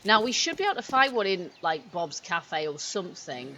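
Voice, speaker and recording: A woman's voice: lowish voice, very animated, normal speed. A woman hosting a co-op game session, chatting casually and laughing often. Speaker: let's-play host. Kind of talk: casual gaming chat. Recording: background noise.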